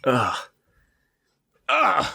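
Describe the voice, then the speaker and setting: A man's voice: on the high side, huge pitch swings, very slow, vocal fry, pushed and bright, slightly rough, no echo. Profane rambling man on a dry podcast mic. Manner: rambling, profane, jokey ranting. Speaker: podcast host. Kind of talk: casual podcast chat.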